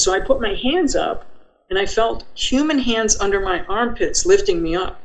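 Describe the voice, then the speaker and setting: A woman's voice: medium pitch, animated, normal speed, rough recording. An older woman, a podcast guest, telling a personal story vividly and acting out her own thoughts as she goes.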